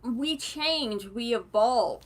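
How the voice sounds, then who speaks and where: A woman's voice: a little high, animated, very slow, a crowd in the background. A young woman hosting a live stream, chatty and giggly with a cackling laugh. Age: young adult. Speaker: host.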